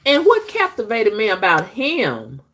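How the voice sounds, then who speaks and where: A woman's voice: on the high side, wildly swooping pitch, a little slow, fairly bright tone. A woman vlogger, bluntly and profanely telling her dating stories, laughing often. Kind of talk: candid storytelling monologue.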